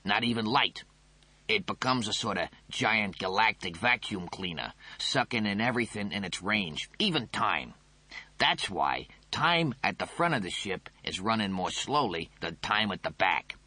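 A man's voice: fairly low pitch, pushed and bright, husky, no room sound, exaggerated voice. A man voicing a smug male talking toaster that lectures and teases, in an audiobook reading. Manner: coy, teasing, lecturing.

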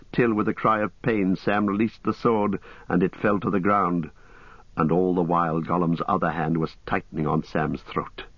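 A man with a very deep voice reads a story aloud in a grave, deliberate manner. He paces the tense passages carefully. The recording is dry, with no room sound, and a dull, lo-fi tone. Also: no room sound. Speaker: audiobook narrator. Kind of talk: scripted dramatic narration.

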